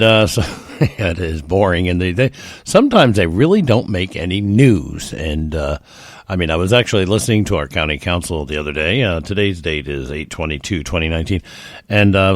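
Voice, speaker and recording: Middle-aged guy rambling on his podcast, very deep voice, chuckles a lot, dry close sound. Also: dry recording. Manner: rambling, chuckling, with many uh fillers. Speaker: podcast host. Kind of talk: casual solo podcast monologue.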